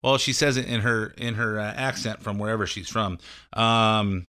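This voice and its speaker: A man's voice: fairly low pitch, steady tone, normal speed, pushed and bright, clean tone. A man hosting a call-in radio show, talking off the cuff about politics in a rambling way, full of fillers and restarts. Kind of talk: casual political commentary.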